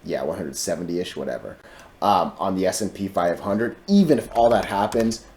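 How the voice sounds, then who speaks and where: Male host, lowish voice, casual market commentary; emphatic, repeats himself, keeps checking in with viewers. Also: expressive, moderate pace, darkish tone. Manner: emphatic and repetitive, often saying "listen" and "right?". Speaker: stock chart analyst host.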